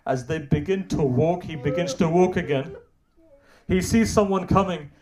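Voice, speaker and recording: A man preaches an emotional sermon story at a moderate pace, moving from hushed low tones to loud, impassioned climaxes. He poses rhetorical questions to the audience.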